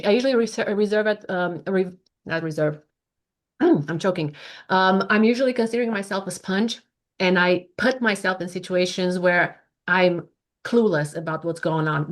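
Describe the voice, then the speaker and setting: Effusive low-voiced woman hosting a video panel. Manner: effusive, halting with restarts. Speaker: host. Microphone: video call.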